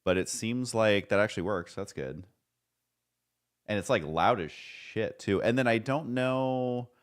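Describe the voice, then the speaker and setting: A man's voice: on the low side, measured pace. A man streaming live, chatting casually and rambling, joking at his own expense and swearing now and then.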